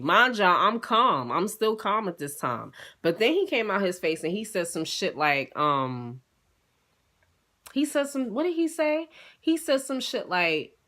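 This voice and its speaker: Young woman vlogging a storytime, bright sharp voice, cussing a lot, does everybody's lines. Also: on the low side, moderate pace. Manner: animated, profane, acts out dialogue. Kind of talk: casual storytime.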